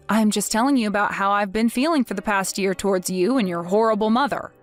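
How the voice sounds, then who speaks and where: A woman's voice: mid-range voice, natural voice. A woman voicing a vengeful young wife who speaks in a mocking, sarcastic way. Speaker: wife in a text-message story.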